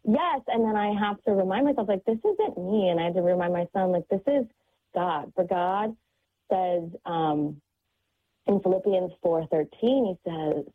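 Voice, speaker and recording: A woman talks as a parent guest on a faith-based radio show. Her voice is somewhat low and husky. She sounds earnest and reflective. The sound comes through a tinny telephone line. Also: moderate pace. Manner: earnest, reflective, many fillers. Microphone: phone call.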